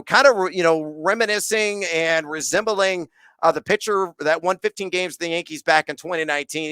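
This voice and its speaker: A man's voice: on the high side, clean tone, no room sound. A man co-hosting a sports betting podcast, rattling off picks and stats with lots of fillers. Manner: energetic, stat-heavy, many "uh" fillers. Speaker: podcast co-host.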